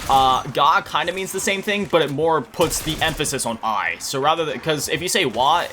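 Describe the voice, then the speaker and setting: A man's voice: fairly high pitch, animated, brisk, hardly any pauses, sharp tone, soft background music. A man chatting casually while playing a video game, rambling and self-deprecating, often trailing off to recall words. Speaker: gaming YouTuber.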